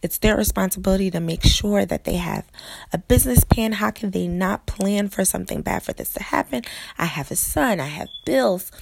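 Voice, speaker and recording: A woman's voice: medium pitch, lively intonation, normal speed, gravelly, darkish tone, husky, dry recording. A woman pastor telling a personal testimony in an earnest way, often speaking straight to her listeners as "guys".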